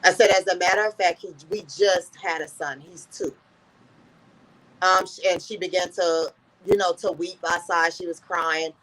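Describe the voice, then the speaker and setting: A woman's voice: fairly low pitch, fairly even intonation, moderate pace, a bit bright, rough recording. A woman guest in an interview, earnestly telling a personal story and often repeating "I said" as she recounts conversations.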